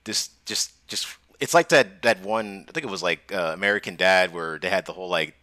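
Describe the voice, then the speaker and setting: A man's voice: low-pitched, a little fast, sharp tone, dry recording. A man in casual chat, telling rambling, profane stories and laughing at them.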